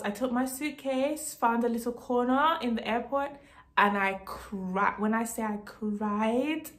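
A woman's voice: on the high side, fairly bright tone. A woman from Jamaica telling a casual storytime vlog story, emphatic, repeating herself and laughing between lines. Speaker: vlogger.

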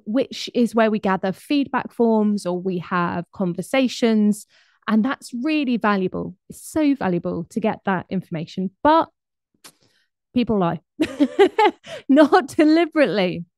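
A woman giving a lively, conversational presentation on behaviour with frequent asides to her audience. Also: mid-range voice, no echo, studio quality. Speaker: speaker on behaviour.

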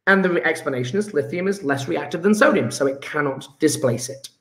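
A man's voice: a little high, animated, fairly quick, fairly bright tone, reverberant. A man teaching chemistry in a live online lesson, chatty and jokey, reading out pupils' chat messages as he goes.

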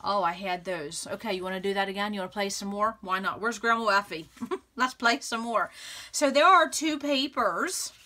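Bright-voiced chatty woman crafting. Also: medium pitch, normal speed. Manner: chatty and excitable, thinking aloud, laughs often. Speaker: scrapbooking channel host. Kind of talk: casual crafting tutorial chat.

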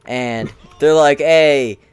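A man's voice: on the high side, extremely slow, clear, resonant tone. A young man co-hosting a casual book review while gaming, rambling and slangy, often swearing and getting sidetracked. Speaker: co-host.

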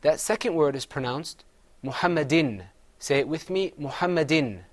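A man's voice: a little high, expressive, fairly quick, crowd noise. A man teaching Quran recitation, patiently having his students repeat words after him. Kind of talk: classroom recitation lesson.

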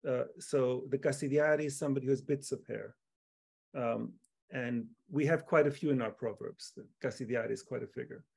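A man's voice: medium pitch, fairly quick, gravelly, a little mellow, breathy edge. A man explaining the meaning of a proverb in a casual group discussion, playful and explanatory. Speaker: panelist.

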